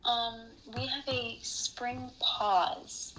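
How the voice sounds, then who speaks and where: A woman's voice: fairly high pitch, steady tone, extremely slow, fairly bright tone, a little hiss or hum, poor audio. A young woman, a student guest, chatting a little hesitantly. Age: young adult. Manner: hesitant, uses fillers. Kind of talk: casual chat.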